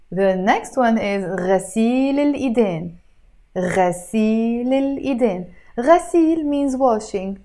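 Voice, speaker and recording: A woman with a cough teaches a spoken Arabic lesson, saying words slowly and carefully and moving between languages. Her voice sits fairly high and sounds a little mellow.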